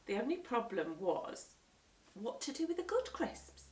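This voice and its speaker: Expressive woman reading a children's story. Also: fairly high pitch, a little slow. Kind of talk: reading a children's book aloud. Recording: echoey room, mic at a distance.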